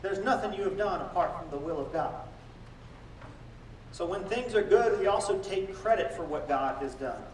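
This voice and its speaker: High-voiced preaching man in echoey church. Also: normal speed, far from the mic, a little hiss or hum. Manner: animated preaching, acting out prayers and boasts in quoted voices. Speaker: pastor. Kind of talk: sermon.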